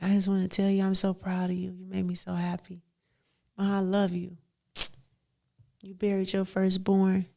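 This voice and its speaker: A woman's voice: lowish voice, vocal fry, dark tone. A woman, hosting a heartfelt solo podcast, emphatic and repetitive, laughing often. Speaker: podcast host.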